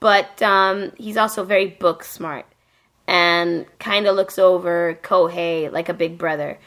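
A woman's voice: lowish voice, steady tone, measured pace, a bit bright. Rambling, profane woman recapping an anime. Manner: rambling, profane, lots of fillers. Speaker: podcast host. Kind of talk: casual anime recap chat.

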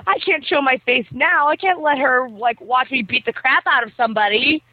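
A woman's voice: sits high, moderate pace, no room sound. A woman voicing a hot-headed, lovesick teenage delinquent boy who exclaims and curses dramatically, over a tinny line. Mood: frantic. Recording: tinny phone-like dry sound.

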